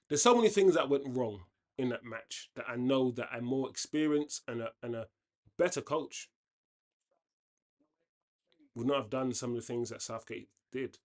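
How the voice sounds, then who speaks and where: This watchalong host has a mid-range, slightly mellow male voice. He chats casually through the football match, offering opinionated takes and frequently breaking off to restart what he's saying.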